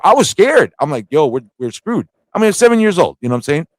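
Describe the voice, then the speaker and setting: A man co-hosting a casual movie review chat, excitable and laughing, acting out scenes as he talks. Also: mid-range voice, quick pace, few pauses, dry recording. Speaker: podcast co-host.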